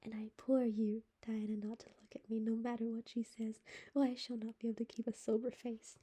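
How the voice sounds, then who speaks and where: A woman's voice: level tone, quick pace, slightly rough. A woman voicing an earnest, hopeful sixteen-year-old girl from a storybook, pleading in a raised voice. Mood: whispered. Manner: pleading, high and bright.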